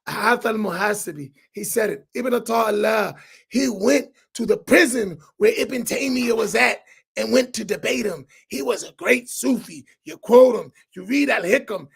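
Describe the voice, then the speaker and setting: A man, preaching to an audience on a roundtable. He is loud and challenging, and he repeats phrases for emphasis. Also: high voice, moderate pace, vocal fry, husky. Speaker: imam on a roundtable.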